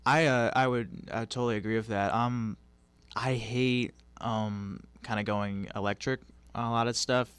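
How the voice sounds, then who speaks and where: A man, a keyboard player and interview guest, speaking haltingly with many fillers. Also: mid-range voice, fairly even intonation, fairly bright tone, clean tone, no echo. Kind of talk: casual interview chat.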